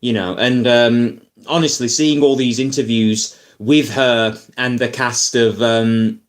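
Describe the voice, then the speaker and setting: A man ranting casually about films as a YouTuber, rambling and animated, full of fillers and asides. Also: medium pitch, slow. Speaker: YouTuber film reviewer. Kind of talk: casual opinion rant.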